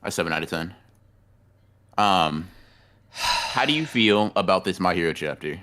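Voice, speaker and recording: A young man with a low, bright-edged voice talks through a casual podcast chat. He rambles, restarts and drops slang as he goes. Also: expressive, moderate pace. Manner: laid-back, rambling, lots of fillers and slang. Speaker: podcast co-host.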